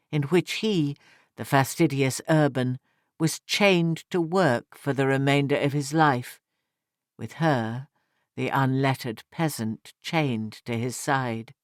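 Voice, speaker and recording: A man narrating a classic short story in a measured, even storytelling manner. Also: medium pitch, no echo, studio quality. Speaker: audiobook narrator. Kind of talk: scripted literary narration.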